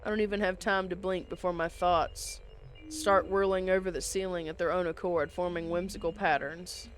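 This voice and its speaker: With soft music in the background, a woman reads a visual novel aloud as she plays, voicing all the text and dialogue and slipping in her own casual remarks. Her voice is lowish, with fairly even intonation and normal speed.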